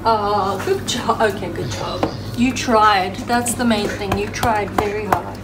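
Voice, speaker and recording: A woman's voice: mid-range voice, measured pace, over loud music, poor audio. A woman vlogging at home in a casual chat, talking to her dog in affectionate baby talk. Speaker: vlog host and dog owner.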